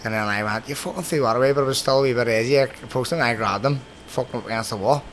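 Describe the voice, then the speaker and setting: A man with a Belfast accent hosting a podcast, telling rough, swear-filled anecdotes in casual chat. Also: mid-range voice, fast, slight background noise. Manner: swears constantly, animated anecdotes. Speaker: podcast host.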